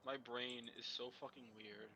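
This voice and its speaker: Very bright rambling male player. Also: medium pitch, fairly even intonation, a little slow, a little hiss or hum, poor audio. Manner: rambling, swears, repeats words. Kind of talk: casual tabletop chat.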